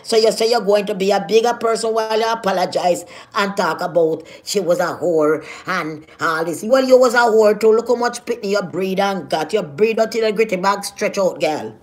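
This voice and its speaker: A woman's voice: mid-range voice, normal speed, few pauses. A woman with a Jamaican accent delivering a scolding, confrontational vlog rant full of rhetorical questions. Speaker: vlogger. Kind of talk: ranting vlog.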